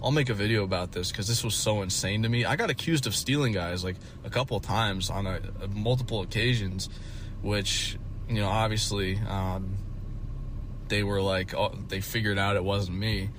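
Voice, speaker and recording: A man's voice: lowish voice, moderate pace, fairly bright tone, a little hiss or hum. A man telling a story in a casual vlog, rambling and swearing often, with many fillers. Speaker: vlogger.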